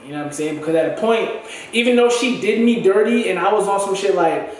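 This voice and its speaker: A young man in a candid, profane, slang-heavy monologue for his vlog, his voice going hoarse. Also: high-pitched, quick pace. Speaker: vlogger. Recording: echoey room, far from the mic.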